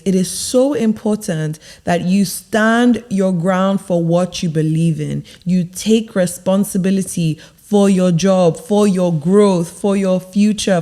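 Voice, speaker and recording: Emphatic young woman giving confidence advice. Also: dark tone. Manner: emphatic and deliberate, drops her voice low to stress points. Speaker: confidence coach. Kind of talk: motivational advice to camera.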